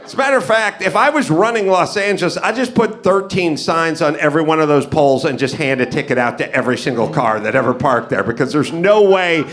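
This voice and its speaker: Man, podcast host, live comedy storytelling, animated delivery, middle pitch. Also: brisk, hardly any pauses. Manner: animated, acts out dialogue with big pitch swings. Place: live podcast on stage before an audience.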